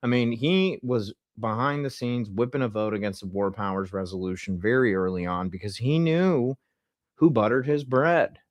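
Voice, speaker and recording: Tired deadpan sarcastic man streamer. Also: mid-range voice, moderate pace, no room sound, studio quality. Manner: deadpan sarcasm, mock insider voice. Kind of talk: sarcastic political commentary stream.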